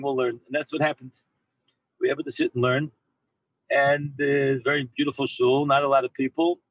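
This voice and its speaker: A man who heads a yeshiva, telling an anecdote in an animated way to his former students, mixing in Hebrew and Yiddish words and often repeating himself as he goes. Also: mid-range voice, husky, dry recording, low-quality recording. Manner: frequent repeats and restarts. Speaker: rabbi and yeshiva head. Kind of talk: storytelling talk to former students.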